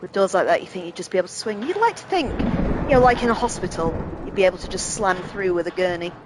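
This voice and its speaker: A woman's voice: on the low side, expressive, fast, background noise. Chatty woman playing a game. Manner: chatty, self-deprecating, thinking aloud. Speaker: let's play host. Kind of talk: casual gameplay commentary.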